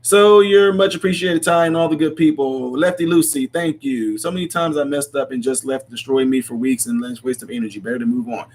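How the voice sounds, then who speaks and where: A man's voice: medium pitch, fairly quick, few pauses, a little mellow. A man hosting a casual livestream, chatting and answering viewer comments in a rambling way, laughing often. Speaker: livestream host. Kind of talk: casual live chat reading comments.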